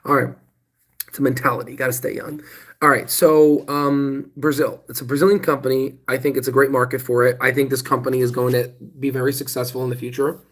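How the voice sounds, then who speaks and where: A man's voice: mid-range voice, level tone, fairly quick, low-quality recording. A tired young man with a sore throat, hosting a rambling, casual stock chat into a handheld phone. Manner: rambling, self-deprecating, restarts often. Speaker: stock channel host. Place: outdoors hot tub. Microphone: phone held in hand.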